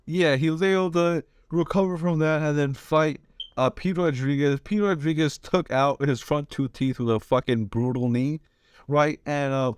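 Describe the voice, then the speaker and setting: A man's voice: fairly high pitch, clean tone, no room sound, clean studio sound. A man giving fight predictions, talking slangy and rambling, swearing a lot and restarting his sentences. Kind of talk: casual chat.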